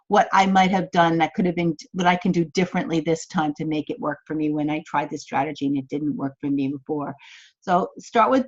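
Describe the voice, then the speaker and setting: A woman's voice: fairly low pitch, animated, brisk, muffled recording. A woman, a business coach, teaching an online course in a chatty, encouraging way from her office, acting out the thoughts she quotes.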